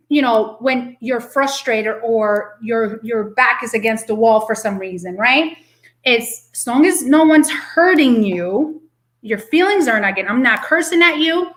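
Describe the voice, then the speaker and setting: Woman, middle-aged, bright tone, slightly high voice, candid animated storytelling, casual podcast chat. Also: poor audio.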